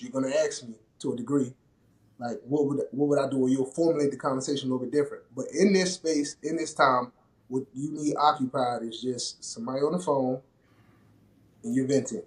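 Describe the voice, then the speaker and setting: A man co-hosting a casual talk show, telling a story in a relaxed, conversational way. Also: mid-range voice, echoey room. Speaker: podcast co-host.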